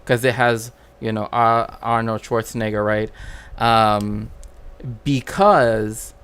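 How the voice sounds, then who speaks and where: Slow, rambling man streaming. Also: fairly low pitch, fairly even intonation, fairly bright tone, clean tone. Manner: rambling, many fillers and restarts. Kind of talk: casual chat.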